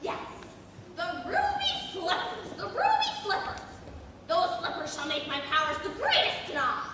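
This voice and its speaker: A vengeful wicked witch snarls her threats, acted by a teenage girl on a school stage. The voice is very high and swoops widely. It is recorded from far off in a big, echoey auditorium. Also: huge pitch swings, unhurried, heavy background noise, heavily acted. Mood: menacing. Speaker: student actor.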